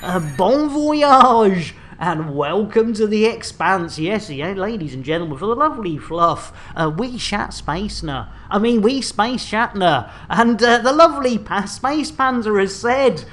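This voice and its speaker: A woman streams a space game and chats with her audience in quick, jokey banter. Her voice sits at a middling pitch, and the talk stays loose and playful. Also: lively intonation, a bit bright. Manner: chatty, jokey, fast banter with viewers. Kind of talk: live gameplay commentary.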